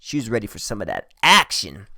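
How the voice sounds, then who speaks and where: A man spins a rowdy true story, his pitch leaping up and down as he acts out each person in it. He swears freely and talks loosely. The voice sits close and dry, with no room sound. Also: fairly quick, gravelly, no echo. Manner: profane, animated, acts out quoted voices. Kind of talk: casual storytelling.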